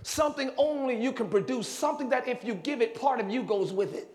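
A middle-aged pastor preaches a sermon in church, shifting from calm teaching to shouted, fervent preaching. His voice is very high-pitched and fairly quick, and he breaks in with whoops of "woo" and jokes with the congregation.

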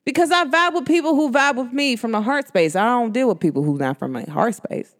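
Podcast host, woman, New York–New Jersey accent, casual and emphatic, slangy monologue with wide pitch swings. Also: animated, fairly quick.

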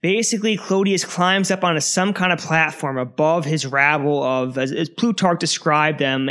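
A man's voice: fairly high pitch, fairly bright tone. A man hosting a history podcast, telling the story in a casual, amused way and laughing often.

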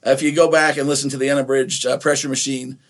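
A man's voice: medium pitch, level tone, fast talker. A middle-aged man from Nephi, Utah, co-hosting a podcast in a casual, rambling way with many restarts. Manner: rambling, with frequent restarts and fillers. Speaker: podcast co-host. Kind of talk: casual chat.

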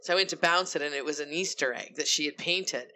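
A woman's voice: low voice, fast talker, pushed and bright, a little hiss or hum. A woman on a podcast telling funny childhood stories in casual chat, swearing and laughing as she goes. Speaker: podcast co-host.

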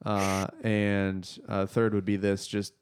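A young man hosting a movie podcast, chatting casually in an animated, rambling way. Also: fairly low pitch, takes it slowly, slight background noise. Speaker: podcast host. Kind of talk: casual chat.

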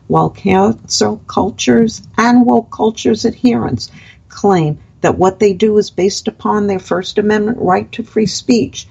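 A woman's voice: mid-range voice, gravelly, darkish tone, husky, highs cut off. A woman from the United States reading long prepared political commentary as a guest, with a sarcastic edge.

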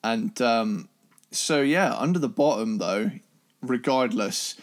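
A man's voice: mid-range voice, slow pace. A man co-hosting a casual music review chat, enthusiastic and rambling, with restarts and the odd swear. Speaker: podcast co-host.

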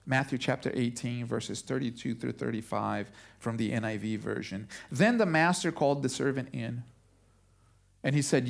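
A man preaching a sermon as a pastor, retelling a story with animated delivery and drawn-out words for emphasis. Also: mid-range voice, vocal fry.

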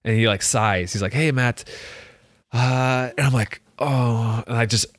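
A man's voice: mid-range voice, steady tone, normal speed. A young man, a soccer player, telling a personal story in casual chat, filling it with "like" and acting out what people said. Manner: rambling, heavy use of "like", acts out quoted dialogue.

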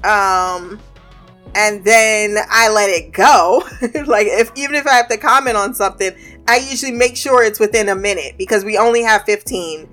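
Over soft background music, a woman with a mid-range voice vents about her remote team at a normal speed. Her casual monologue is profane, full of laughter and animated storytelling.

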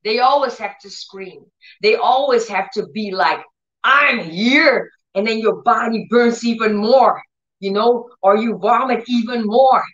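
A woman's voice: a little high, steady tone, measured pace, lo-fi sound. A woman giving a sermon-style teaching, emphatic and repetitive, who breaks into short laughs. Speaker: Christian teacher.

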